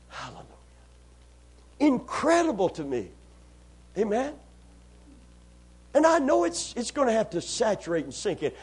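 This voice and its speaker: This pastor speaks in a very high voice with a breathy edge as he gives a sermon to his church. He draws responses from the congregation and builds to loud, drawn-out emphasis on key lines.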